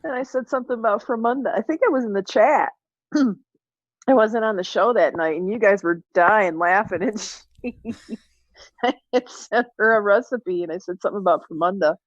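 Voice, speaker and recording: A woman's voice: mid-range voice, normal speed, dry recording, dull audio. A woman chatting casually on a livestream video call, telling a funny story and laughing often. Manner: giggly storyteller, laughs through her stories.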